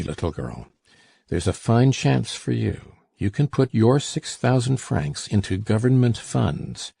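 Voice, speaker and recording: A man's voice: on the low side, gravelly, warm tone, husky, dry recording, full character voice. Man reading as a miserly old father. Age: older. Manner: wheedling then furious. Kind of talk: audiobook character reading.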